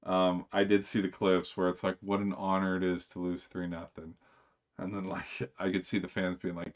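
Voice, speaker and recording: A man's voice: sits low, flat delivery, moderate pace. A man chatting casually on a live stream, rambling with lots of fillers and restarts.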